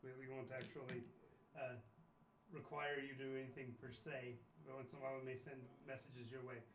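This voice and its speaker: A man running a tabletop game as game master, halting and filler-heavy as he explains. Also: mid-range voice, little pitch movement, echoey room, a little hiss or hum, rough recording.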